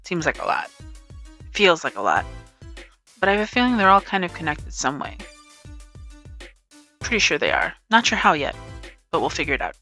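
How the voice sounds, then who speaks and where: A woman's voice: on the low side, big pitch swings, brisk, pauses often, bright, forceful tone, soft background music. A woman casually commentating a game she plays, chatty and giggly, reading dialogue aloud. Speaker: let's play streamer.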